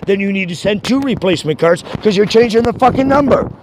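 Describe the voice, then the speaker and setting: A man making an angry call to a bank, shouting and swearing constantly. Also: high voice, lively intonation, fast, background noise. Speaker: caller.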